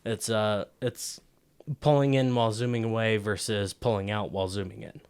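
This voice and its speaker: Man, casual movie podcast host, low voice, dry recording, halting explanations full of fillers. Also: fairly even intonation, a little mellow, smooth, dry recording. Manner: explains film technique at length, halting with fillers.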